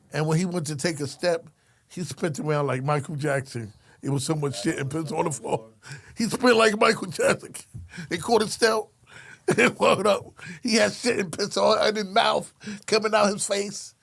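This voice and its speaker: A man's voice: high-pitched, moderate pace, vocal fry, a bit bright. A middle-aged man, a former correctional officer telling a story in a streetwise, profane way. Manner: streetwise, profane, repeats his listener's name, acts out the people in his story. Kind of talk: animated storytelling in casual conversation.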